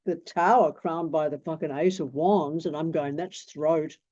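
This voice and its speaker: A man's voice: on the high side, steady tone, a little slow, a little mellow. Blunt, swearing man in his sixties. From Australia. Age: 60s. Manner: blunt, swears freely, rambling anecdotes. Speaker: tarot teacher. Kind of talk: casual teaching talk. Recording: dull lo-fi recording.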